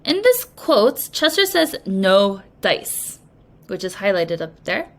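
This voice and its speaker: A woman English teacher giving a recorded reading lesson, explaining slowly and patiently to young students. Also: fairly high pitch, very animated. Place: language academy.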